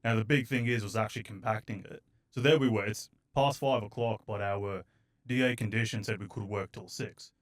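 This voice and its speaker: A man's voice: lowish voice, steady tone, a little fast. A man, a guest podcast host chatting easily and sharing his own story from a building site. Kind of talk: casual podcast interview.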